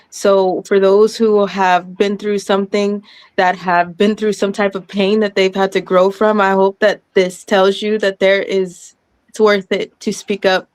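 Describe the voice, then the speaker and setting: A woman in her thirties giving an impassioned, emotional speech, loud and breaking into laughter, overwhelmed and apologetic. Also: medium pitch, level tone, normal speed, clear, resonant tone, no echo. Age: 30s. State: sweating, overwhelmed. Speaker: guest speaker.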